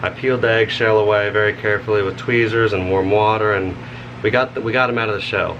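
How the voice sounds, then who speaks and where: A man, talking frankly and rambling as he thinks out loud in a casual homestead vlog, outdoors. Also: fairly low pitch, fairly even intonation, fast, highs cut off, slight background noise. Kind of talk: casual vlog talk to camera.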